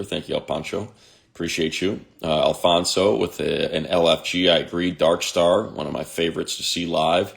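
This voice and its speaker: A man's voice: deep voice, creaky. A man in his fifties, a sports radio host, chatting casually on a livestream and reading viewer comments aloud in a rambling way.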